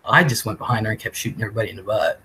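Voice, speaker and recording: A man's voice: fairly low pitch, rapid-fire, bright, forceful tone, a little hiss or hum, rough recording. A man hosting a live stream, telling a rambling story casually, often laughing and swearing. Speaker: livestream host.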